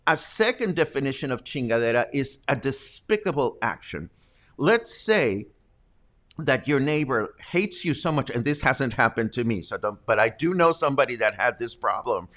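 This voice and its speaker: A man's voice: medium pitch, big pitch swings, moderate pace, fairly bright tone. A man hosting a local talk show, casually explaining slang with jokes and asides. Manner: chatty, joking, explains slang.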